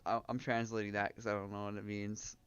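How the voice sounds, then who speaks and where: A man's voice: lowish voice, monotone, a little fast, clear, resonant tone, no echo, dull audio. A young man from Canada chatting casually on a game livestream, joking and swearing with frequent laughs. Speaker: streamer.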